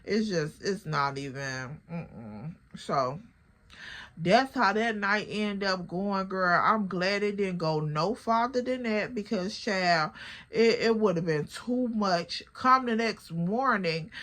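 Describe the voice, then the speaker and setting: A woman's voice: medium pitch, lively intonation, takes it slowly, a bit bright. A young woman telling viewers a storytime in a casual, slangy, profane way and calling them girl.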